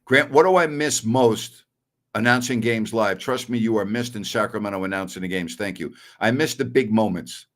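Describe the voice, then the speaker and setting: A man's voice: lowish voice, normal speed, a bit bright. A middle-aged man hosting a sports talk stream, answering viewer messages bluntly and with strong opinions. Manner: blunt and opinionated, scoffs at callers.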